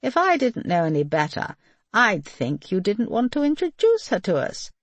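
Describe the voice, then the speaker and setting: A woman voicing a cheerful, teasing young male RAF pilot who banters with his friend, lively in pitch. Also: normal speed, no echo.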